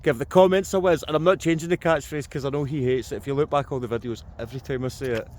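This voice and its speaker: A man's voice: mid-range voice, steady tone, fast, a little mellow. A Scottish man hosting a casual outdoor vlog, joking, teasing and laughing readily. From Scotland. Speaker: channel host. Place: outdoors in a field.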